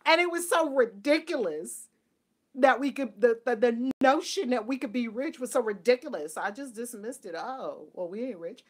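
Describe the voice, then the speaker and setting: A woman giving a live spiritual talk who tells animated stories, laughs often and sometimes drops to a soft whisper. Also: a little high, normal speed. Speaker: spiritual teacher.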